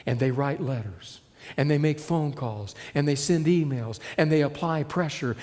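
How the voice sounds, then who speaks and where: A man delivers a sermon in a slightly raised register, taking his time with every phrase. He tells his illustrations like stories and lowers his voice to a hush at the turning points. The sound rings out with the long reverb of a large hall. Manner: dramatic storytelling, dropping to hushed tones. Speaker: preacher.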